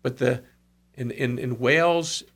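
A man's voice: mid-range voice, measured pace. A man telling revival stories in conversation, earnest, with asides and quoted speech. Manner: earnest storyteller, quotes others, brief asides. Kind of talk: storytelling in conversation.

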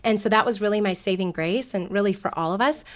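A woman's voice: mid-range voice, fast. A middle-aged woman sharing her life story earnestly as a guest in a casual faith talk. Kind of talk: personal testimony in casual talk.

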